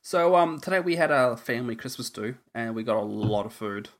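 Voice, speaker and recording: A man co-hosting a podcast in relaxed chat. He talks in a chatty, jokey way, laughing easily as he tells his stories, at an everyday middle pitch. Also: a little fast. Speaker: podcast co-host. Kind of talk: casual chat.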